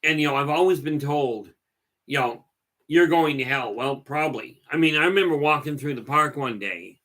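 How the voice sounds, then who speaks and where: A middle-aged man talks to his livestream viewers in a loose, folksy, storytelling way. His voice has a bright, forward edge, and he often repeats a word or two before finishing his thought. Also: fairly high pitch, normal speed. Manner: folksy, digressive, repeats words while talking. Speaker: livestream host. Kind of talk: rambling casual storytelling.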